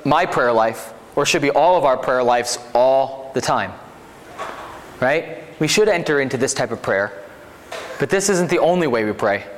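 A male pastor delivering a relaxed, conversational sermon and regularly asking his listeners to agree. His voice rings with long reverb in a large hall, with faint noise underneath. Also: a little high. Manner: conversational, asks 'right?' often.

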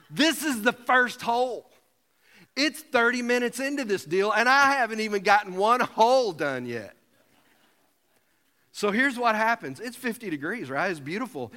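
A man delivers a sermon as a pastor, his voice high and bright as he tells a funny, self-mocking story. The sound rings with a long reverb from a church sanctuary. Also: animated, moderate pace.

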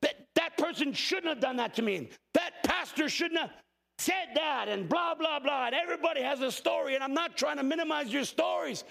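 A man in his fifties, a pastor, preaching an impassioned sermon that often rises to shouting. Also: very high voice, animated, brisk, vocal fry. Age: 50s. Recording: hall reverb.

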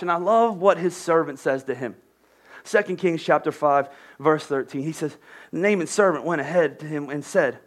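A man preaching a casual, story-driven sermon, lively and conversational, often correcting himself mid-sentence. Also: on the high side, normal speed.

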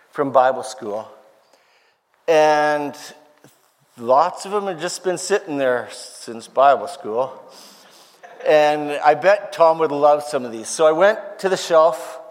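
A man telling an emotional story in a sermon, earnest and heartfelt, acting out the voices of the people he quotes. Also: a little high. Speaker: preacher. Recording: long hall reverb.

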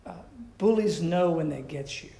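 A man's voice: a little high, expressive, normal speed, gravelly, dark tone, echoey room. A man preaching a sermon in a conversational way, often asking his listeners questions. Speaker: pastor.

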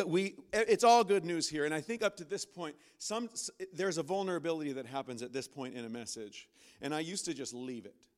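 A man preaching a sermon from a church stage, animated and acting out inner voices with sudden loud, high bursts. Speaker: pastor.

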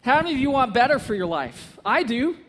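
A male pastor delivering a sermon with a notably high, light voice, earnest and repeating his points for emphasis. His voice carries a long reverb from a large church hall, with a faint hiss of noise behind it. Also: very animated, fairly quick, fairly bright tone. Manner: earnest, builds to emphatic repetition.

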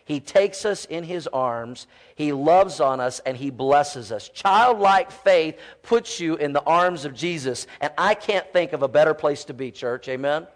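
Pastor guy in his 40s preaching at church, lively, voice sits up high. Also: a little slow, hardly any pauses. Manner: animated preaching with quoted child voices. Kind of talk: sermon.

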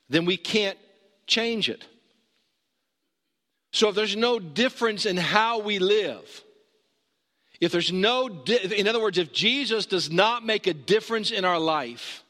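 Bright-voiced preacher in a reverberant hall. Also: male voice, high voice. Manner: conversational, emphatic, asks the audience questions. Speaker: pastor. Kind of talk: sermon.

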